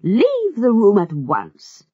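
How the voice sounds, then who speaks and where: A woman's voice: medium pitch, huge pitch swings, slow pace, husky, dry recording, pitched above the performer's own voice, heavily acted. A woman voicing a strict middle-aged governess who scolds sharply, in a storybook reading. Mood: angry. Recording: muffled with faint music.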